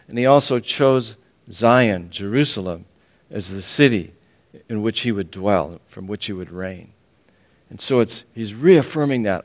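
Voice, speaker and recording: A man's voice: fairly low pitch, animated, a little slow. Emphatic man preaching a sermon. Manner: emphatic, repeats phrases, clears throat often, chuckles. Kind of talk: sermon, Bible teaching.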